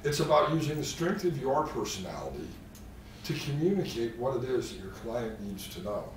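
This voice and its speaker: A man's voice: medium pitch, sing-song, normal speed. A man giving a live therapy training lecture, with joking, self-deprecating asides. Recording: echoey room, distant mic, faint noise.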